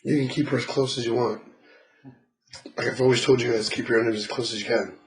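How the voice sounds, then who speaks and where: A man's voice: mid-range voice, steady tone, fast talker, rough recording. A man giving a casual spiritual reading to a client, blunt and swearing, often laughing and acting out what people say. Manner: blunt, swears freely, laughs, acts out quotes. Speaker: spiritual reader.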